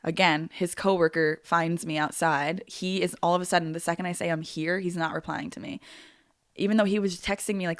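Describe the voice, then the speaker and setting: A woman's voice: on the low side, steady tone, brisk, no room sound, studio quality. A woman in her twenties hosting a podcast, telling a personal story in a chatty way and peppering her talk with "like". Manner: chatty, heavy use of "like", acts out quoted voices. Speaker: podcast host. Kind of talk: casual storytelling.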